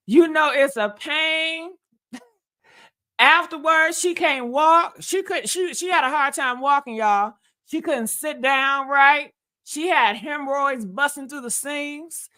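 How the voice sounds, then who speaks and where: A woman's voice: sits high, slow, pushed and bright. A woman hosting a gossip show in casual, sassy commentary, dramatic and laughing often, calling viewers honey and y'all.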